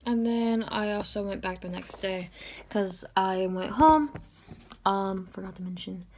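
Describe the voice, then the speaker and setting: A woman's voice: medium pitch, unhurried, a little mellow, slight background noise. A woman telling a personal story in a casual, chatty way, full of "like" and "um". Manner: chatty, filler-heavy, lots of "like" and "um". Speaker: vlogger.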